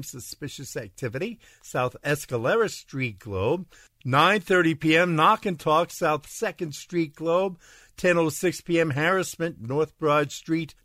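A man's voice: a little high, fairly bright tone, no echo. A man hosting local radio, reading a police log and a weather forecast in a clipped, list-like delivery. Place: radio studio. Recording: music bed behind the voice.

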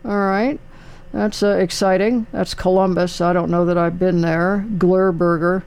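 A man's voice: high voice, steady tone, unhurried, creaky, a little mellow, smooth. Rambling, chatty older man. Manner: rambling, chatty, many fillers. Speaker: radio host. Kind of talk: casual chat.

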